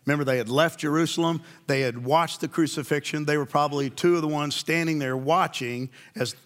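A man's voice: on the high side, a little fast, a bit bright. A man preaching a sermon, telling the story in a conversational way and asking his listeners questions.

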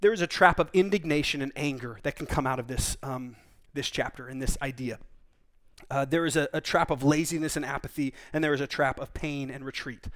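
A man's voice: medium pitch, a little fast, fairly bright tone. A man, a pastor, preaching a conversational sermon in an earnest, informal way, often restarting and repeating words.

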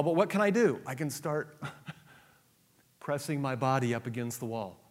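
A male pastor preaching a sermon, swinging between loud emphatic declarations and low asides. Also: very animated, moderate pace. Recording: long reverb of a large hall.

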